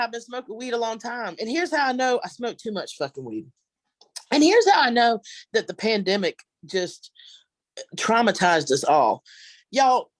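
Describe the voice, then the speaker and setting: A woman's voice: a little high, no room sound. A middle-aged woman doing a brash, profane, rambling stand-up set. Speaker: headlining comedian. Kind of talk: stand-up set on a video call.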